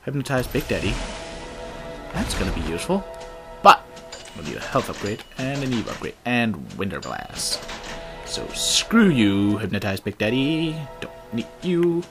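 A man giving casual let's-play commentary, excitable and sarcastic, swearing at the game. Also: fairly low pitch, normal speed, over music. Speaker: gaming video host.

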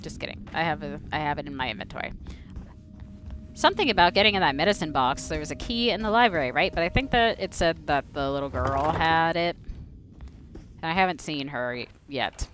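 Bright, playful woman game streamer. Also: low voice, a little fast. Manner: playful, joking, talks to herself, swears. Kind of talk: casual gameplay commentary.

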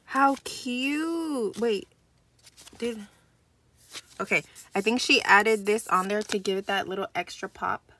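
Young woman vlogger, gushing and excitable, bright voice, chatty unboxing tone. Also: mid-range voice, slow pace. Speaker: crafting channel host. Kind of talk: casual unboxing vlog.

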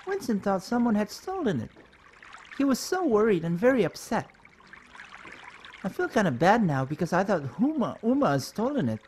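A man's voice: high-pitched, sing-song, normal speed, long pauses, a little mellow, a little hiss or hum. A man doing a timid, earnest young boy.

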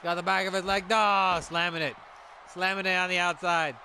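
A man calling a wrestling video game match in an excited play-by-play style, often breaking into shouts. His voice sits very high and has a gravelly edge with a bright, sharp tone. Faint noise hums behind him. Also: moderate pace, low-quality recording. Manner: shouts and exclaims at big moves.

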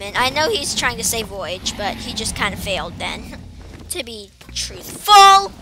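A woman rambling through casual gameplay commentary, giggling and making playful beeping sound effects. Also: fairly high pitch. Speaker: gamer commentating her play. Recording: faint game music behind.

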